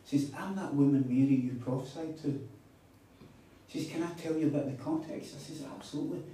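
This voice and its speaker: A man's voice: fairly high pitch, a little fast, dark tone, slight background noise. A man preaching a sermon, telling stories with emphatic repeats. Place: hall at a retreat. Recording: echoey hall, mic far off.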